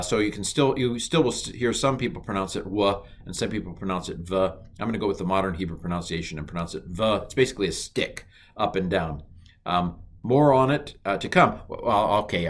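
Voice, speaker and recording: A man teaching a recorded language lesson, chatty, reciting letters slowly and cracking mild jokes. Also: lowish voice, expressive.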